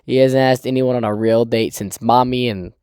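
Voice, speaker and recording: A man's voice: medium pitch, fairly even intonation, normal speed, a little mellow, clean tone, dry recording. Laid-back man chatting through a recap, swearing, laughing, dry close voice. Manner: rambling, profane, laughing often. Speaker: manga chapter recap host. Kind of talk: casual chat.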